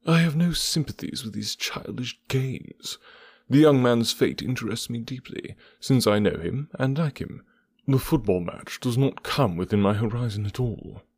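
A man's voice: mid-range voice, lively intonation, normal speed, slightly rough, no room sound. A man voicing a stern, curt middle-aged male doctor who turns furious, with clipped, cold, formal replies. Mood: cold, guarded.

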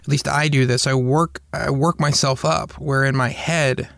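In a clean, dry studio recording, an Atlanta-area podcast host from the US speaks at normal speed with a steady, creaky, mid-range voice that's a bit bright. It's a casual, self-deprecating monologue, heavy on restarts and tangents.

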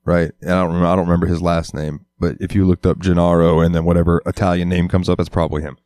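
A young man co-hosting a podcast, chatting casually into a headset mic, telling animated stories with plenty of swearing. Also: sits low, racing, no echo, studio quality. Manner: animated storyteller, swears freely, slips into exaggerated voices. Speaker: podcast co-host. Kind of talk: casual chat.

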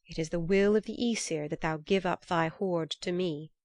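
A woman's voice: lowish voice, moderate pace, darkish tone, no echo, close to an everyday voice. A woman reading the lines of a cunning male trickster god in a myth, in a formal, archaic way of speaking.

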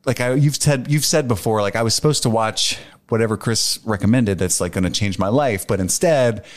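A man hosting a podcast in casual chat, talking in an animated, rambling way and laughing often. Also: on the low side, a little fast. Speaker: podcast host.

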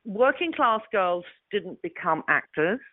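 A woman in her sixties with a London Cockney accent, telling animated stories with laughs as a guest actress. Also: mid-range voice, measured pace, no room sound. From London, England. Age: 60s. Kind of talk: casual anecdote. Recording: tinny phone-like audio.

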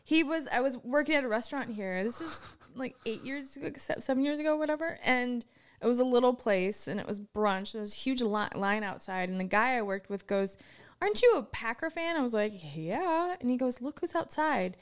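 A woman's voice: on the high side, expressive, a little fast, clean tone. Woman from wisconsin yapping a story on a podcast, giggly, keeps restarting words. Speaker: podcast co-host. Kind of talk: casual chat, storytelling.

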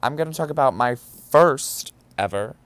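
Over a noisy background, this young podcast host relates a personal story in an animated, medium-pitched voice at a moderate pace. The casual monologue is candid and profane, punctuated by dramatic exclamations.

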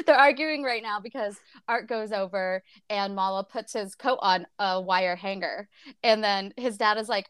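A woman's voice: medium pitch, unhurried, fairly bright tone, clean tone, no room sound, studio quality. A woman co-hosting a podcast, chatting casually about a book, swearing and laughing often. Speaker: podcast co-host.

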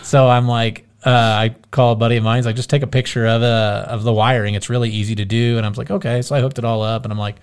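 A man's voice: mid-range voice, fast talker, few pauses, clear, resonant tone. A married man telling a story in casual chat, swearing and acting out what he said. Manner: animated, swearing, acts out his own quotes.

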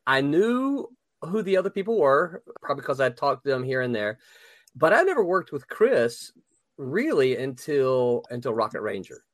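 A man's voice: medium pitch, big pitch swings, normal speed, no room sound. A man hosting a casual chat, telling stories animatedly and laughing often.

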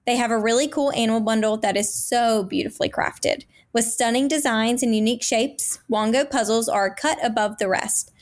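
A woman delivers a sponsor spot for a podcast with eager, selling enthusiasm. Her voice sits a little high. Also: a little fast, few pauses. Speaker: ad reader. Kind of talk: upbeat sponsor read.

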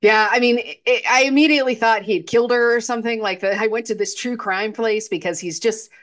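A woman's voice: on the high side, fairly even intonation, quick pace, fairly bright tone. A woman co-hosting a podcast, chatting through a film's plot with hesitant restarts. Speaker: podcast co-host. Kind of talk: casual movie recap chat.

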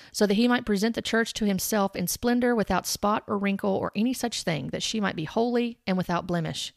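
A woman's voice: medium pitch, dry recording, studio quality. Earnest woman giving Bible commentary. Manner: earnest and corrective, cites chapter and verse; addresses viewers directly. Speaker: Christian commentator.

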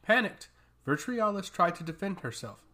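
Man, fantasy story narration, steady, dramatic, somewhat high pitch. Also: moderate pace.

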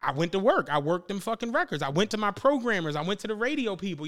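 A man's voice: sits high, animated, fast talker, hardly any pauses, a bit bright. A man hosting a podcast, telling a story in casual chat and acting out the quotes, with lots of profane slang. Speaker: podcast host.

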